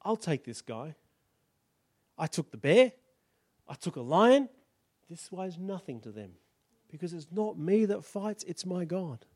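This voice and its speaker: Young shepherd, soft-spoken, steady conviction; man doing it. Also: on the high side, moderate pace, no echo, studio quality, voice pushed down, close to an everyday voice. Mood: quietly resolute. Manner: quiet, firm conviction. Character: calm, faithful young shepherd.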